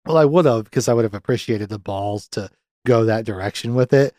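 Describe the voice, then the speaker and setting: A man hosts a laid-back film review podcast, full of energy, frequently slipping into high-pitched voices to play out characters' lines and laughing often. His delivery is brisk, and the recording is dry with clean studio sound.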